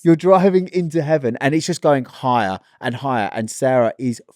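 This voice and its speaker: A man co-hosting a podcast, chatting casually and telling a story in a lively, teasing way. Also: medium pitch, normal speed, no echo, studio quality. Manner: lively, teasing storyteller who acts out lines. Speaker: podcast co-host.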